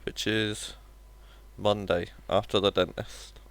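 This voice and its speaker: A man's voice: lowish voice, level tone, slow pace, vocal fry, fairly bright tone, clear, resonant tone, no echo. A man streaming a game live, chatting casually with viewers in a wry, joking way and swearing offhandedly. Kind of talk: casual live-stream chat while gaming.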